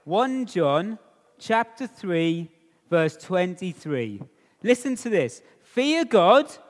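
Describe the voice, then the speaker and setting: High, lively preacher in a reverberant hall. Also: male voice, slow. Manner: conversational, animated, asks rhetorical questions. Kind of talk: sermon. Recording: long reverb of a large hall.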